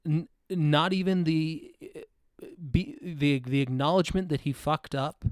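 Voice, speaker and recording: A man co-hosting a podcast, talking through a film in a halting, reflective way and searching for his words. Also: fairly high pitch, smooth, dry recording, studio quality. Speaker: podcast co-host. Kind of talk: casual film discussion.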